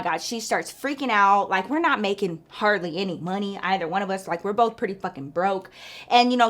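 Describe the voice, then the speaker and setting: A woman's voice: medium pitch, fairly bright tone. A woman vlogger telling a story in casual chat, swearing freely and packing her talk with fillers. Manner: profane, chatty, full of filler "like".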